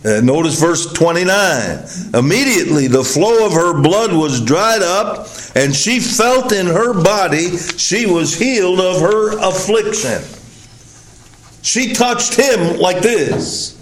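Slow, emphatic male preacher in an echoey hall. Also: animated. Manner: emphatic, drawn-out stresses with sudden drops in pitch and volume. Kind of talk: sermon.

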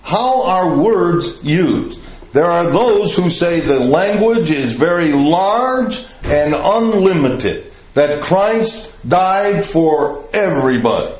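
Slow, measured older male Bible teacher. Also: high-pitched, expressive, darkish tone. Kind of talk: Bible study lecture. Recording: echoey room.

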